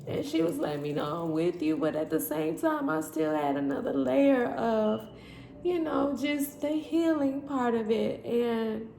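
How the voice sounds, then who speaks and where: A woman's voice: high voice, vocal fry, a little mellow, reverberant, a little hiss or hum. A woman giving a spiritual tarot reading, emotional and candid, talking straight to her viewers. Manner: candid, addresses viewers as y'all. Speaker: tarot reader.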